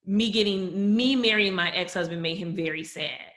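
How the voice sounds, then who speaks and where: A woman guest on a podcast tells a personal family story candidly and with feeling, often quoting people in her own voice. Her tone is medium-pitched and fairly bright, at normal speed, in a reverberant space.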